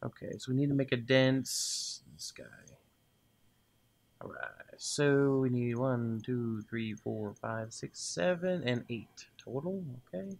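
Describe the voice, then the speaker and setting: A man's voice: medium pitch, lively intonation, slow, gravelly. A man casually commenting as he plays a game, talking to the items and muttering to himself, then cheering when things work. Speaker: gaming video host. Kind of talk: casual let's-play commentary.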